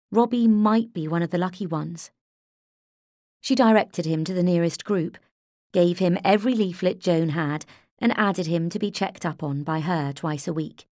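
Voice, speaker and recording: A woman narrating an audiobook in a measured, unhurried way, close to the mic. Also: lowish voice, darkish tone, no echo. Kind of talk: scripted narration.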